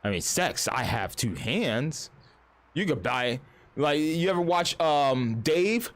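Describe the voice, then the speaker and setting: A thirties-aged male streamer chats casually on a livestream in a higher-than-average voice, speaking slowly with lively intonation. He rambles and swears, frequently acting out other people's voices in the middle of his stories.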